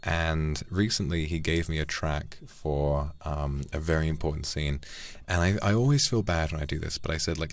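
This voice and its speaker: Deep gravelly guy streaming, chill and cozy, kinda murmury sometimes. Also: moderate pace. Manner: relaxed, intimate, drifts between speaking and soft murmurs. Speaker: livestreamer reading donations. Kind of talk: casual chat.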